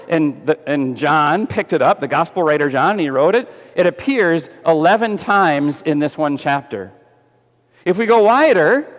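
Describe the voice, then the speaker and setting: A fairly high-voiced man preaches to his congregation, lively and full of questions for the kids. His voice rings with a long reverb through a large church sanctuary. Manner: animated, asks the congregation questions. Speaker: pastor. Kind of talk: sermon. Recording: echoey church hall.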